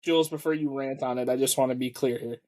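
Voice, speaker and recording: A man in casual sports podcast chat, stating his view plainly and with confidence. His voice is of ordinary, middle pitch. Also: fairly even intonation, fast, a little mellow. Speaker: podcast co-host.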